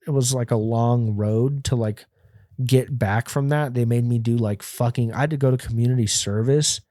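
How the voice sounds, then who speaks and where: Brief: young male podcast host, profane and animated storyteller, dry close sound. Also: mid-range voice, normal speed, no room sound. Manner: profane, animated, acts out quoted voices. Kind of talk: casual storytelling monologue.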